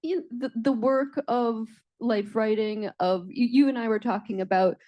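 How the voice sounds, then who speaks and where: A woman's voice: a little high, measured pace, no room sound, muffled recording. An American woman, a writer and co-teacher, talking reflectively in a casual onstage conversation. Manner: reflective, lots of soft backchannel murmurs. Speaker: writer and co-teacher at a panel talk.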